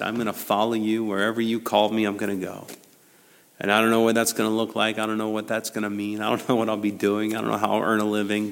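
A man preaching a sermon in a conversational way, building to emphatic peaks and then dropping low and quiet. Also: in a large hall. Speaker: pastor.

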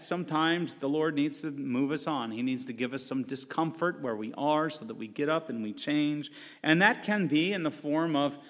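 A middle-aged male pastor giving a conversational sermon, slipping into lively, mocking voices when he quotes people. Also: on the high side. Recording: long hall reverb.

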